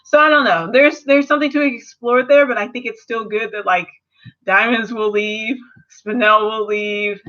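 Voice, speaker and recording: Young woman, casual reviewer, lively storyteller, slightly dull lo-fi home audio. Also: a little high, moderate pace. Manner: animated, acts out characters in quotes. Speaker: video reviewer.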